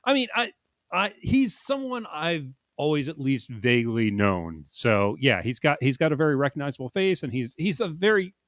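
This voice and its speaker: Male podcast co-host, animated pitch, easygoing and teasing, dry close sound. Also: moderate pace, dry recording. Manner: easygoing, repeats himself, gently teasing. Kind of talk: casual chat.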